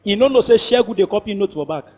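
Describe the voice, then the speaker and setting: A man with a Nigerian accent doing stand-up comedy in pidgin, telling stories with animated voices and shouted sound effects. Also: sits high, fast, breathy edge, big-room sound. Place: large hall before a live audience.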